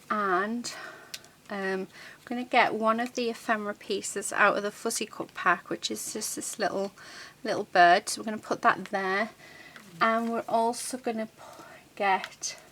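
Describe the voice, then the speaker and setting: A woman with a bright, clear tone hosts a relaxed crafting tutorial from her desk. She takes her time and narrates each small step as her hands work. She chats along with frequent ums and half-finished words. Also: mid-range voice, a little hiss or hum. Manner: chatty, unhurried, many ums and restarts; talks while working with her hands.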